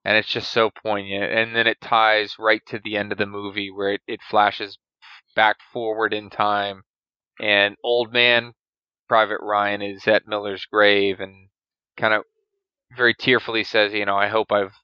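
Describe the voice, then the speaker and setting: Male co-host, lowish pitch, bright and crisp, explanatory and eager; dry, slightly dull mic. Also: little pitch movement, unhurried, no echo. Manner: explanatory, gun-knowledgeable, enthusiastic. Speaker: podcast co-host. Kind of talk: casual movie discussion.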